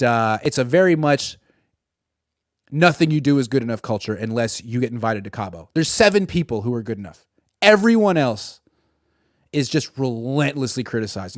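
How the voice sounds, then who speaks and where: A man's voice: medium pitch, no room sound, clean studio sound. A man giving a sarcastic sports commentary monologue and acting out imagined dialogue.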